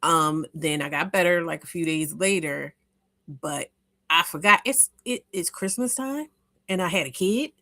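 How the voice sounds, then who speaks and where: Low-voiced woman hosting a rambling chat. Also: a little slow, bright, forceful tone, no echo, studio quality. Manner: rambling, heartfelt, many restarts and fillers. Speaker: host of a live audio chat room. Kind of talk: informal live chat with listeners.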